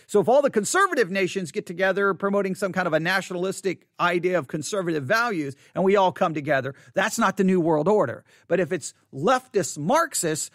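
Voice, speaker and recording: High-voiced, emphatic American pastor. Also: male voice, a bit bright, no room sound, studio quality. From United States. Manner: emphatic and exasperated, speaking bluntly to the listener. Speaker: pastor and podcast host. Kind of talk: podcast commentary on a listener email.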